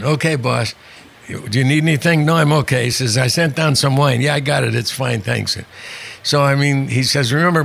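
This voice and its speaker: An older man with a gravelly, creaky voice settles into a long show-business anecdote. He talks wryly and conversationally, slipping into the voices of the people he quotes. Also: medium pitch, a bit bright. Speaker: guest, comedian. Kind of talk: storytelling interview chat.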